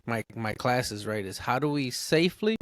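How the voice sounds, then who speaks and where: A man's voice: medium pitch, lively intonation, moderate pace, a bit bright, dry recording. A man co-hosting a podcast in casual talk, joking and downplaying himself.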